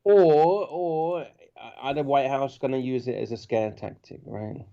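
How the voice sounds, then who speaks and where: A man's voice: mid-range voice, a little slow, warm tone, dull audio. A man calling in to a talk show, chatting casually. He chuckles often, repeats his words and keeps asking "right?". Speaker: caller. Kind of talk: casual call-in chat.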